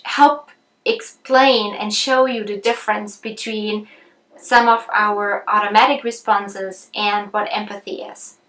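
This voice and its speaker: A woman teaching about empathy in a relaxed, conversational way, thinking aloud with frequent ums and restarts. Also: on the high side. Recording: roomy echo.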